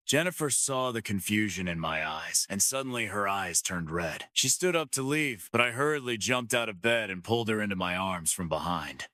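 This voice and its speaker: A man narrating a romance story in the first person with steady storytelling. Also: on the low side, moderate pace, hardly any pauses, no echo, clean studio sound.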